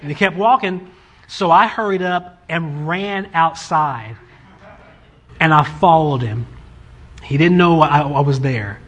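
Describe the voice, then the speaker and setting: Husky man telling a family story. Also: medium pitch, muffled recording. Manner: animated, acts out his children's voices in quotes. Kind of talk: casual storytelling.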